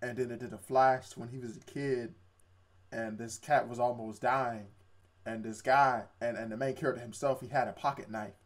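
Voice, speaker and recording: A man's voice: mid-range voice, fairly even intonation, normal speed. A young man in casual chat, retelling an anime episode with quoted voices and laughs. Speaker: co-host reviewing anime.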